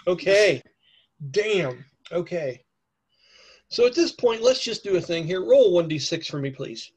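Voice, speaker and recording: A man's voice: sits high, sing-song, measured pace, slightly rough. A man with a cold narrating a tabletop game as game master in a chatty way. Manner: chatty, with many fillers and okays. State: has a cold.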